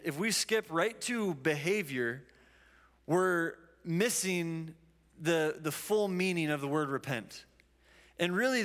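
High-voiced man preaching in a reverberant hall. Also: a bit bright. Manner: conversational, storytelling with acted quotes. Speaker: pastor. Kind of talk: sermon.

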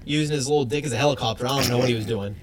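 A man's voice: medium pitch, rapid-fire, a little hiss or hum. A man co-hosting a casual podcast, cracking dry jokes and swearing freely as he banters. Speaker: podcast co-host.

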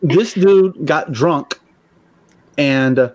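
A man's voice: fairly high pitch, extremely slow. A man, telling blunt, profane stories in casual podcast chat and acting out the voices of people he quotes. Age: 40s. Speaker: podcast co-host.

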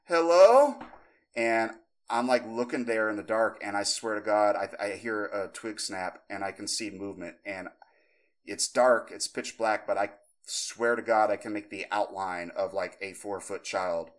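On a podcast, a male co-host in his 30s relates a long, rambling story at normal speed in a voice on the low side. He leans on fillers, restarts often, and animatedly acts out voices from the tale.

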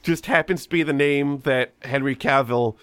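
A man's voice: medium pitch, moderate pace, a bit bright, clear, resonant tone, no echo. A man hosting a casual comedy podcast, reading a ghost story aloud and breaking off for joking asides.

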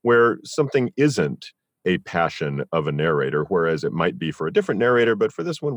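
Deep-voiced, measured male host. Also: sing-song, no echo. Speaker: podcast host. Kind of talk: casual podcast interview.

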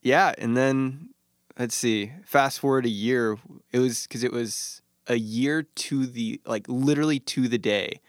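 A man's voice: mid-range voice, no echo, clean studio sound. A man talking easily in a casual chat, recalling his move after school. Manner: easygoing, quick agreeing replies.

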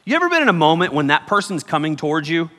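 A man preaching a sermon as a youth pastor, telling the story in an animated, joking way. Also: fairly high pitch, racing. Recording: echoey hall.

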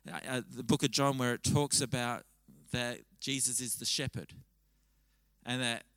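A man delivers a sermon to a church congregation in a bright, forceful voice. He speaks conversationally and tells stories with animated restarts. The sound is dry and close. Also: medium pitch, normal speed, clear, resonant tone, no echo, rough recording. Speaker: pastor. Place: church service.

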